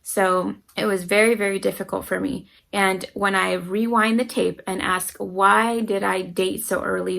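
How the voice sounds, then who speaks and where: A woman's voice: mid-range voice, creaky, fairly bright tone, poor audio. A middle-aged mother talking casually to camera with parenting advice, earnestly acting out her children's voices as she tells stories. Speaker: parenting vlogger.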